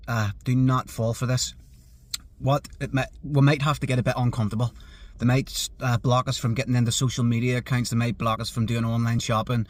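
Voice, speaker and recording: A man's voice: medium pitch, no room sound. A man making an earnest, urgent appeal to his viewers, pleading with frequent fillers. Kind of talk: earnest social media appeal.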